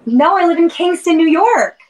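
Very high, giggly woman host, gushing over her guest. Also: expressive, moderate pace, poor audio. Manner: effusive and giggly. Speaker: podcast host. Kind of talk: casual chat on a live stream.

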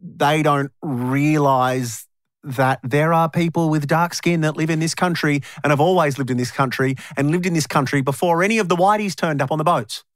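A man's voice: fairly high pitch, normal speed, no echo. Australian man, podcast host, casual chat, chatty and joking, asks questions, dry close sound.

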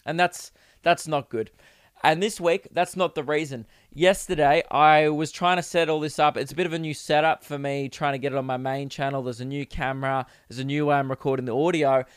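Joking young Australian man, crisp voice. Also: a little high, steady tone, fairly quick, no echo, clean studio sound. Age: 20s. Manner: rambling, jokey and crude, laughs often. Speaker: podcast host. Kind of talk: casual solo podcast chat. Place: home recording setup.

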